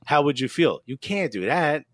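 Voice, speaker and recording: A man's voice: fairly high pitch, big pitch swings, no room sound. Playful male co-host, dry close sound. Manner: joking and playful, quick asides. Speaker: co-host of a comedy soccer show. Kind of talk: casual comedic chat.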